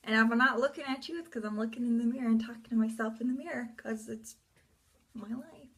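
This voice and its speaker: A woman's voice: fairly high pitch, fast, a bit bright. A woman chatting through a makeup tutorial at home in front of her mirror, rambling with offhand asides and muttered whispers. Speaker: beauty vlogger.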